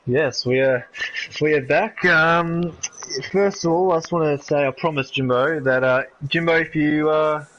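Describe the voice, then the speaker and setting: A male co-commentator on a sim racing live stream, his voice slightly high and heard through dull, lo-fi audio. He jokes around and laughs easily. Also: unhurried, a bit bright.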